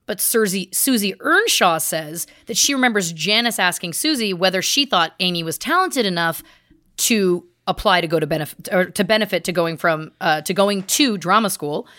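A woman's voice: mid-range voice, a bit bright, dry recording. Chatty woman telling a story, dry sound. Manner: chatty, speaks in asides and restarts. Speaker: podcast co-host and researcher. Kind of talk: casual storytelling chat.

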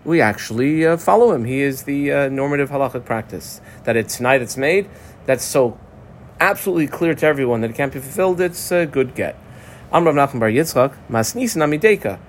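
A man's voice: medium pitch, animated, fairly quick, a little hiss or hum. A man teaching a Talmud lesson in a casual, chatty way, explaining and translating terms with many fillers and restarts.

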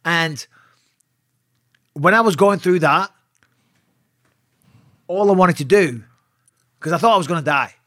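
Man, retired fighter, bright punchy delivery, dry close mic. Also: a little high, unhurried, long pauses, no echo. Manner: profane, animated storyteller. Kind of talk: casual storytelling interview.

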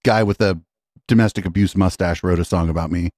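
A man's voice: low-pitched, steady tone, brisk, darkish tone, no echo, studio quality. A man co-hosting a podcast, reacting to a clip with sarcastic, swearing, mocking remarks. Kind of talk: casual chat.

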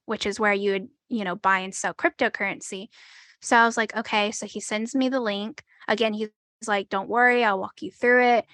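Bright, hesitant young woman storyteller. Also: medium pitch, no room sound. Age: 20s. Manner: hesitant, fills with "like" and acts out quoted dialogue. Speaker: interviewee. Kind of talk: conversational storytelling.

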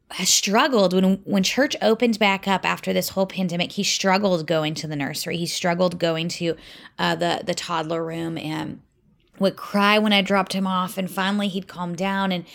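A woman's voice: medium pitch, creaky. A woman in her thirties talking earnestly and conversationally to other mothers about faith and parenting, often checking in with her listeners. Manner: earnest, conversational, with tag questions. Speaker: Christian mom speaker. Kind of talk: faith-based talk to mothers.

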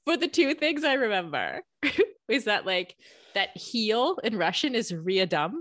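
Woman podcast co-host, lively storyteller, laughs a lot, dry sound. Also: medium pitch, a little slow, dry recording. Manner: chatty storytelling, laughs often. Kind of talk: casual chat.

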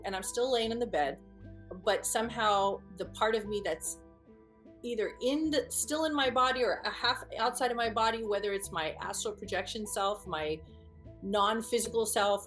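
A woman recounts her own experience to listeners in an earnest, vivid manner. Her voice sits in a middle register. She often stops mid-phrase, restarts and repeats words as she tries to get the telling right, with faint music behind her. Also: medium pitch. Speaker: speaker recounting a personal experience. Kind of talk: first-person storytelling to an audience.

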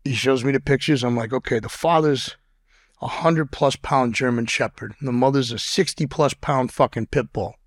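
A man guest on a podcast telling rough, profane stories in a blunt way, often stammering and restarting his sentences. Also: mid-range voice, normal speed, no echo, studio quality. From Boston. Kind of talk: casual interview storytelling.

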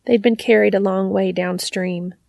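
Gravelly-voiced woman reading fiction. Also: mid-range voice, fairly even intonation, normal speed, darkish tone, dry recording. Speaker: audiobook reader.

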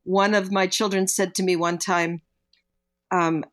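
A woman's voice: fairly low pitch, flat delivery, a little slow, fairly bright tone. An older woman, a guest on a podcast, reflectively telling parenting stories and acting out the voices of people she quotes. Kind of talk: podcast conversation.

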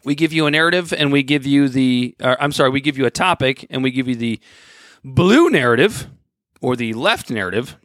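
A man co-hosting a casual podcast from a home studio, ranting with big swings in pitch. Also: brisk, no room sound. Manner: animated, rants with sharp swings in pitch. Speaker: podcast co-host. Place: hot home studio room.

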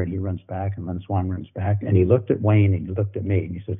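A deep, husky voice with little pitch movement comes at a quick pace from an older man who once coached football. Guesting on a podcast, he spins folksy stories and repeats himself often; the recording sounds narrow, like a phone.

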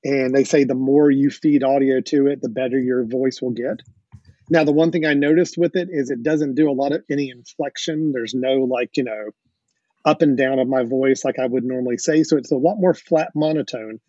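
A man's voice: mid-range voice, fairly even intonation, normal speed, dark tone, dry recording. A man hosting a podcast, explaining things with enthusiasm and the odd chuckle, on dull lo-fi audio. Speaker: podcast host. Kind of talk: casual podcast chat.

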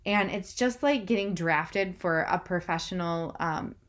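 A woman's voice: lowish voice, unhurried. A young woman vlogging an enthusiastic, emotional recap that she speaks straight to her viewers. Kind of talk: casual vlog recap.

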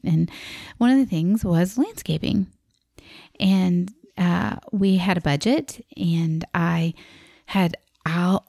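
Her fairly low-pitched voice carries a Southern accent as this middle-aged woman from the American South tells a personal story, chatty and animated, voicing the people she quotes. It's a dry recording with clean studio sound.

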